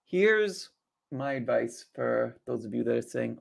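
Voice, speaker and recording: A man's voice: medium pitch, expressive, normal speed, gravelly, a bit bright. A man hosting a live trading stream, chatty and casual, asking rhetorical questions and greeting viewers as they join.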